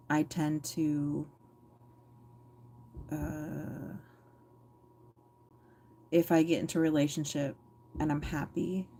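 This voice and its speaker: Low-voiced woman talking candidly. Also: darkish tone, a little hiss or hum. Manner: reflective, rambling, with frequent fillers and self-corrections. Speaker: vlogger. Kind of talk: candid personal talk to camera.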